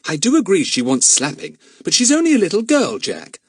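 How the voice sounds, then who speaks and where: A man's voice: high-pitched, wildly swooping pitch, a little fast, husky, no echo, clean studio sound, pitched above the performer's own voice, heavily acted. A man putting on a prim, fretful mother. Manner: prim, reproachful. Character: proper, fretful English mother.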